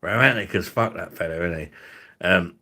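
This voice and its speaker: Running a loose livestream, this man talks straight to viewers in a low, deep voice that's bright and forceful, at a moderate pace. He curses freely, makes crude jokes and calls out people in chat by name.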